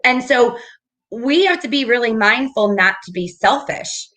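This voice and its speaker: A woman with a bright, forceful voice pitched a little high hosts a casual chat. She sounds upbeat and encouraging and often checks in with her listener. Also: expressive, measured pace. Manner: upbeat, encouraging, keeps asking "right?". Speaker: host, business coach.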